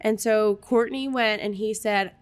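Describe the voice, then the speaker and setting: A woman in her thirties, a podcast co-host, chatting casually and telling a family story with hushed asides. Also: medium pitch, unhurried, no room sound. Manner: animated storytelling, often drops to a hushed aside. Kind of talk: casual chat.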